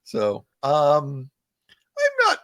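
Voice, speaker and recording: A man's voice: on the high side, huge pitch swings, very slow, a bit bright. A man co-hosting a casual podcast chat, wry and critical, laughing often between points. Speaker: podcast co-host.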